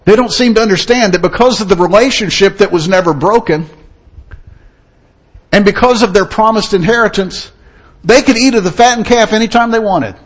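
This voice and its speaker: A man's voice: high voice, brisk. A man preaching a sermon in an earnest, storytelling manner. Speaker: pastor.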